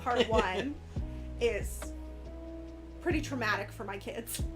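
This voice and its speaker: Brief: high-pitched woman in her thirties, podcast guest, giggly storyteller, music bed behind. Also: slow pace. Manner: laughing storyteller, animated retelling. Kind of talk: casual chat.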